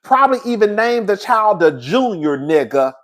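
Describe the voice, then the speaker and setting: A man's voice: high voice, sing-song, moderate pace, fairly bright tone. Sassy, hollering man ranting on a livestream. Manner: sassy, profane, hollering rants. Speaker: YouTube commentator. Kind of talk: livestream gossip commentary.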